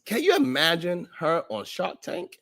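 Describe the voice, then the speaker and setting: Man, show host, fairly high voice, laughing, joking, animated recap. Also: unhurried, creaky. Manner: animated, laughs often, drops into mocking quoted voices. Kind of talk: comedic recap of the week's shows.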